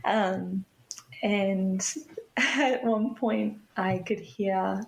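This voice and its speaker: A young woman telling a personal story as a podcast guest, unhurried and reflective. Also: mid-range voice, vocal fry, rough recording. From Australia.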